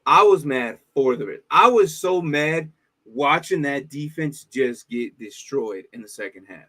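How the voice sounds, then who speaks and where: A man's voice: mid-range voice, expressive, measured pace, bright, forceful tone. A man co-hosting a casual sports podcast, laid-back, often trailing off and tossing in "bro" and "man". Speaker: podcast co-host.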